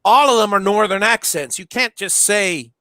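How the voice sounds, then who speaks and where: A man's voice: sits high, moderate pace, sharp tone, no echo. A man hosting a casual livestream, chatting while he solders, with many restarts and fillers. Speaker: livestream host.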